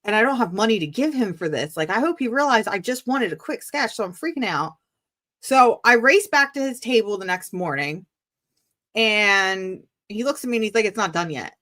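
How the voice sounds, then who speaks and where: A woman telling an animated story as a guest on a live-streamed video call interview, acting out the dialogue. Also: mid-range voice, moderate pace.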